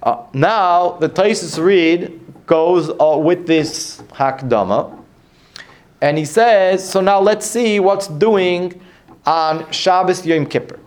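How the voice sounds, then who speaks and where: A man's voice: high-pitched, slow. A man giving a Talmud lesson, explaining with frequent restarts and rhetorical questions. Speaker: Torah teacher.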